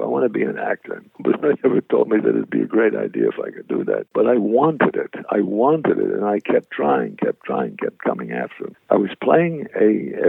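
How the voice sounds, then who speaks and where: Older male actor guest, gravelly husky voice, animated delivery, tinny dry phone-line sound. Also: on the low side, no room sound. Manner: lively anecdotal storytelling with quoted voices. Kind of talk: storytelling interview.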